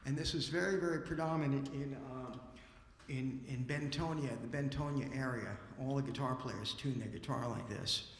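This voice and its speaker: A man telling a story on stage at a library event, lively and casual, acting out the dialogue. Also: mid-range voice, normal speed, slight background noise. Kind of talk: animated live storytelling. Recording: roomy hall with long reverb.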